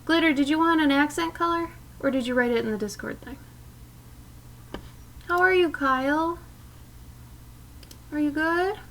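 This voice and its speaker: A woman hosting a live drawing stream, chatting casually and softly in rambling asides to her viewers. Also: sits high, normal speed, pauses often. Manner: chatty, soft-spoken, drifting between asides. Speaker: live-stream artist host. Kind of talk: casual chat while drawing.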